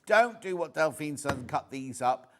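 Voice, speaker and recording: A man's voice: on the high side, animated, moderate pace, slight background noise. A British man presenting on a live shopping channel, chatty and prone to repeating words as he reads out viewer messages.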